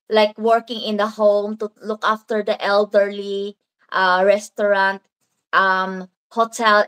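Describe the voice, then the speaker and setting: This Davao livestream host chats loosely through comments in a Filipino accent, mixing in Filipino words as she goes. She has a mid-range, slightly bright voice, captured in a low-quality recording.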